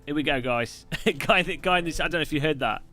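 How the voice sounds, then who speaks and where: A man's voice: a little high, a little fast, bright, forceful tone, soft background music. A man from the UK hosting a live stream, answering questions while racing, with joking, irreverent chatter.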